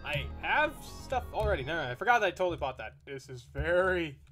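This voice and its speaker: A gamer giving excitable, jokey commentary while playing. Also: mid-range voice, quick pace, faint music behind. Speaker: let's play gamer. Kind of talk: gameplay commentary.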